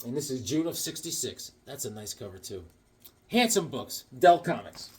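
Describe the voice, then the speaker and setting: A man from Connecticut casually chatting about his comic books, rambling along and telling deadpan tall tales with jokes between them. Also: mid-range voice, moderate pace, slightly rough. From Connecticut, USA. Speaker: comic book vlogger.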